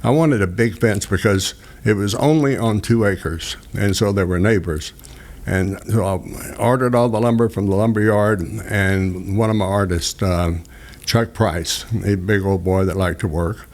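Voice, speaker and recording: A man's voice: fairly low pitch, normal speed, darkish tone. An older man from southeast Texas, casually telling rambling, folksy stories as a radio host. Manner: folksy, rambling anecdotes with restarts and chuckles. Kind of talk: casual storytelling chat.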